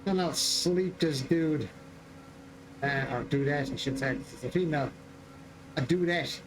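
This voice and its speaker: An Irish man with a slightly higher voice chats casually as he plays a farming game on stream. He jokes around, chuckles and repeats his lines, with a faint hum of ambience behind him. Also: measured pace. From Ireland. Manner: joking, chuckling, repeats himself. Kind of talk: casual gameplay chat. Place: home gaming room.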